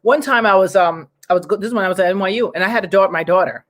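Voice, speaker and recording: A woman from New York hosting a talk show, telling personal stories in a rambling, lively way. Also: medium pitch, very fast. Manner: rambling, restarts sentences, lively retelling. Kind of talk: casual interview chat, personal storytelling.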